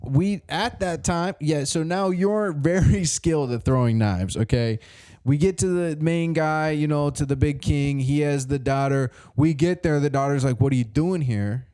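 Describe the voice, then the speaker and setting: A man's voice: fairly high pitch, moderate pace, few pauses, darkish tone, smooth. A man co-hosting a comedy podcast, improvising a silly adventure story in a rambling way with lots of fillers and restarts. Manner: rambling, many restarts and fillers, laughing at his own story. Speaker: podcast co-host.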